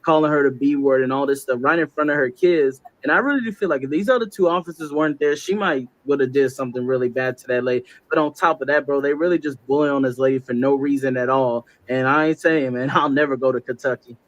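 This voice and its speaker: A man's voice: mid-range voice, fast talker, hardly any pauses, highs cut off. A man giving casual, slangy commentary on a police video. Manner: easygoing and slangy. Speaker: online commentator.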